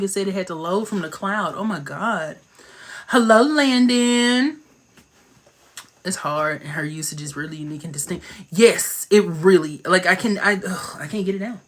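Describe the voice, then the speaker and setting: A man hosting a casual livestream chat, playful and slangy, talking into his phone with quick asides. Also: sits high, bright, forceful tone. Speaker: livestream host.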